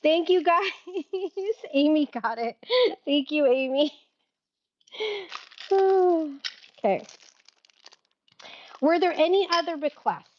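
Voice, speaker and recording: A woman with a high, bright-pitched voice chats through a live-stream sale, giggling and laughing at her own mix-ups. The sound is a little dull and lo-fi. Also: expressive, slow pace, long pauses. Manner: giggly, chatty, laughs at herself. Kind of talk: casual live-stream selling chat.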